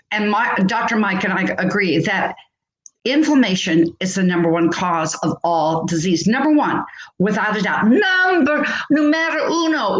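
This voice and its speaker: An emphatic woman in her sixties gives a motivational radio talk as a health coach, hammering her points home through repetition. Her voice sits at an ordinary middle pitch for a woman. It rings in a roomy, echoey space. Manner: emphatic, repeats phrases for effect. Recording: roomy echo.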